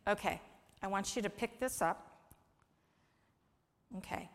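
A woman preaching a conversational sermon with an object lesson, coaxing and warm in asides, rising to lively emphasis. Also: mid-range voice, measured pace. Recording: long hall reverb.

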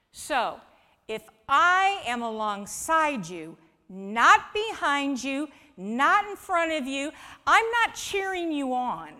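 A woman delivering a sermon in a church sanctuary, her voice bright and fairly high. She speaks slowly and conversationally, dropping into soft asides and then lifting for emphasis. The room gives a long, lingering reverb. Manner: conversational, coaxing, shifts between soft asides and lively emphasis. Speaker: preacher. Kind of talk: sermon with a live object lesson.

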